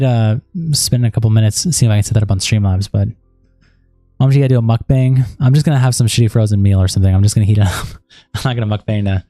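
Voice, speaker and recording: Mellow-voiced man reading on stream. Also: on the low side, no echo, studio quality. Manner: steady reading with rambling casual asides and fillers. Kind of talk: reading chat logs aloud on a live stream.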